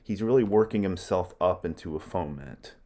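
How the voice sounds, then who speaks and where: Deep-voiced man explaining a play casually. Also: moderate pace, warm tone. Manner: casual, explains in asides with many "you know"s. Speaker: literature teacher. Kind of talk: lecture on a play.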